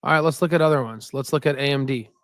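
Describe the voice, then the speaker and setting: A man hosting a stock market livestream, talking in a loose, rambling way that wanders between chart talk and viewer comments. His voice sits at a medium pitch. The recording is dry and close, with little sense of room around him. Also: quick pace, fairly bright tone, no echo. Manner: repeats "right?" as a filler. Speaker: stock market channel host.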